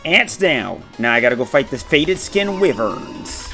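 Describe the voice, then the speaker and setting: A man's voice: medium pitch, big pitch swings, a little slow, vocal fry, few pauses, sharp tone, faint music behind. A man chatting casually while playing a game, laughing often and swearing freely. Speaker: gaming streamer. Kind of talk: casual chat while gaming.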